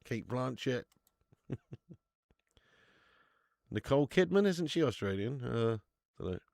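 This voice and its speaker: Male stream host, mid-pitched, jokey and bantering, responding to chat, recorded close on a dry mic. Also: sing-song, takes it slowly, gravelly, a little mellow, dry recording. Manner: jokey, banter-filled, reads out chat comments. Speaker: host of a football watch-along stream. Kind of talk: casual live watch-along chat.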